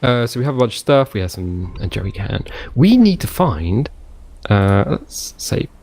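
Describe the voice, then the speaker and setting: A gaming channel host loosely comments on what he's playing, chatty and wandering as he talks to himself in a casual let's play. He speaks at normal speed in a sing-song, slightly mellow, medium-pitched voice.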